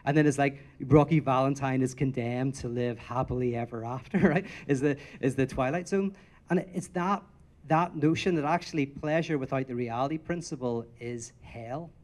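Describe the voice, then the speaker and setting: A man's voice: mid-range voice, normal speed. A man answering audience questions in a rambling, lecture-style talk, acting out the voices of the stories he tells. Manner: rambling and animated, acts out quotes in storytelling.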